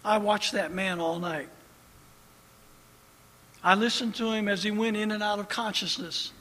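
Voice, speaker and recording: High, bright-voiced male preacher in a reverberant hall. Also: steady tone, a little slow. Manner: swings between hushed storytelling and loud preaching. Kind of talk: impassioned sermon.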